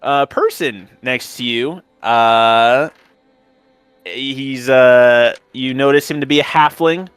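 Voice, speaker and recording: A man's voice: medium pitch, slow pace, a bit bright, clean tone, no room sound, faint music behind. A man running a tabletop game as game master, narrating in a casual, rambling way full of fillers.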